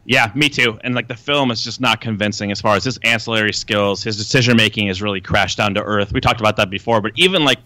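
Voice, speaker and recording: A man who is a guest draft analyst on a podcast, talking casually and in fast detail about players. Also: lowish voice, bright, forceful tone, no echo. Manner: fast, detailed scouting talk. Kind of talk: casual basketball draft chat.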